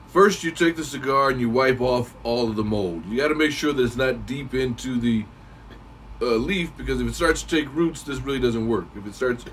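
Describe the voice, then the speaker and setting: A man giving a casual, rambling how-to talk as a cigar reviewer, clearing his throat now and then. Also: medium pitch, fairly bright tone, recorded from a distance, a little hiss or hum, low-quality recording.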